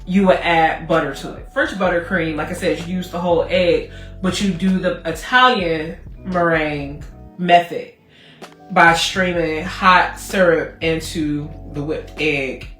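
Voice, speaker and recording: A woman in her thirties hosting a baking livestream in casual chat, swearing freely and breaking into loud comic rants. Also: lowish voice, fairly even intonation, unhurried, roomy sound, distant mic, soft background music. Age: 30s. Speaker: baking show host.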